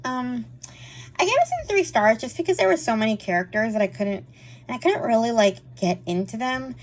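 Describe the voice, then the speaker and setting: A woman's voice: on the high side, sing-song. Chatty woman talking books. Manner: chatty and rambling, frequent fillers and quick laughs. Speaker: book reviewer. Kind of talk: casual monthly reading wrap-up chat.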